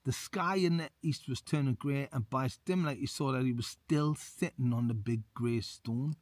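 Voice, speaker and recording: A man's voice: mid-range voice, moderate pace, no room sound. A man, an ex-soldier and outdoor vlogger, reads a folk tale aloud at a winter wild camp with matey commentary. He is cold. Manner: matey, says mate a lot.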